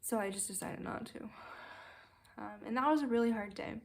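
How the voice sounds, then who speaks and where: A young woman talking candidly in a personal video diary, halting, with many fillers and restarts, emotional and near tears. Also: fairly high pitch, vocal fry. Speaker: vlogger recovering from a brain injury.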